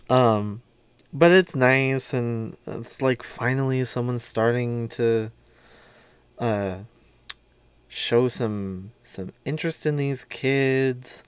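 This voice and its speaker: A man chats about a film in a relaxed, unhurried way, his voice smooth and clear. He gushes and fills his talk with ums and likes. The recording is dry, with no room sound. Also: mid-range voice, no echo. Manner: gushing, chatty, lots of fillers. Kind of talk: casual movie recap.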